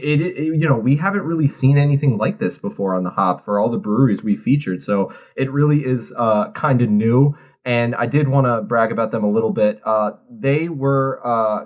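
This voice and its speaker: Easygoing male co-host, average pitch, laughs easily. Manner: easygoing, laughs readily, loose restarts. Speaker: podcast co-host. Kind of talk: casual podcast chat.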